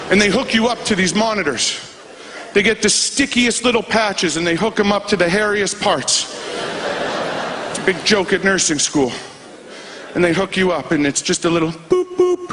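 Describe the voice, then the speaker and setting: A man doing stand-up, telling a story in an animated way and acting out voices and sound effects. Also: sits high, background noise. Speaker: stand-up comedian.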